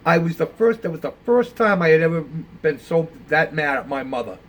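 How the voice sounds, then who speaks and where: A man's voice: on the high side, lively intonation, normal speed. An older man telling a casual, rambling story about building model ships, with plenty of fillers. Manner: rambling, conversational, with many fillers.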